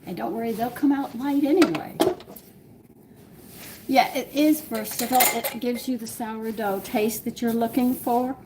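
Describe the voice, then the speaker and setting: Working dough by hand in her home kitchen, a woman hosts a live cooking demonstration and chats with viewers, explaining each step as she goes. Her voice is fairly high and her pace moderate, with heavy background noise behind her.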